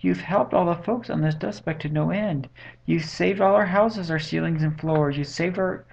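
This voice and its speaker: A man's voice: fairly high pitch, normal speed, creaky, a little mellow, pitched above the performer's own voice. A man voicing a tiny, cheerful male mayor in a bedtime storybook reading, with a piping, grateful manner, on lo-fi webcam audio.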